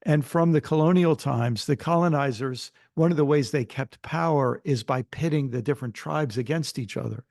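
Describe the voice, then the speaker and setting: An older man speaks on a discussion panel, recounting an experience in a measured, reflective manner. His voice has a gravelly edge, and the recording is dry and close with no room sound. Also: mid-range voice, a little mellow, no room sound. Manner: measured, reflective storytelling with small restarts. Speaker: panelist, Christian author.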